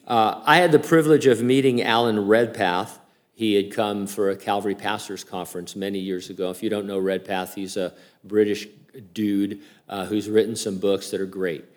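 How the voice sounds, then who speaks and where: A man's voice: lowish voice, steady tone, moderate pace. An older man, a pastor, giving a casual, conversational sermon with many fillers and restarts.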